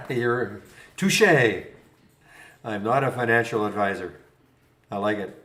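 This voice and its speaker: A man's voice: fairly low pitch, slow, bright, forceful tone. Rambling man in a roomy room. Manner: rambling, chuckling, thinking aloud. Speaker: trading room host. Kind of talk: live trading stream chat. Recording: roomy echo.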